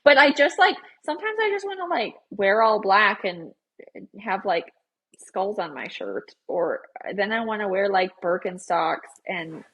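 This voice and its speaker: A young woman co-hosting a podcast, talking in a chatty, animated, over-explaining way. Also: mid-range voice, unhurried, slightly rough. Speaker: podcast co-host. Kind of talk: casual chat.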